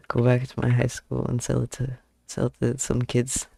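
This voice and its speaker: Gravelly young man rambling and giggling. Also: medium pitch, very animated, a little slow, a little mellow, no room sound, studio quality. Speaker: artist streamer. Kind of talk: casual chat while drawing. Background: faint background music.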